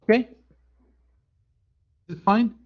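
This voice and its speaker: Slow, repetitive male grammar teacher. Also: muffled recording. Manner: slow, deliberate, repeats key phrases. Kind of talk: online grammar lecture.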